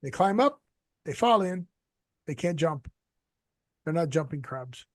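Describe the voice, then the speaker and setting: Rambling, deadpan man on a video call. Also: fairly high pitch, a little slow, no echo, studio quality. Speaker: podcast co-host. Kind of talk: casual chat on a video call.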